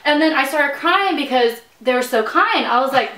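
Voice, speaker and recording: A young woman with a fairly high voice talks casually while she eats. She tells stories in a chatty way, acting out the quotes and laughing often. Her voice bounces around an echoey room. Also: expressive, normal speed, pushed and bright. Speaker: vlog host. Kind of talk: casual chat while eating.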